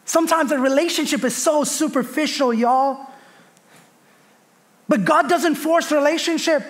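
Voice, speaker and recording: A pastor in his thirties delivers a lively sermon in a notably high-pitched voice. He preaches with a storyteller's flair, slipping into soft, hushed voices when he acts out his children and God. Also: moderate pace.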